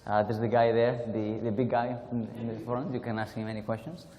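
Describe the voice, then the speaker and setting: A man's voice: mid-range voice, steady tone, fairly quick, mellow, in a large hall. A man from Spain with a Spanish accent, giving a chatty, self-deprecating keynote talk at a conference with many restarts. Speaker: conference speaker. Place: conference hall.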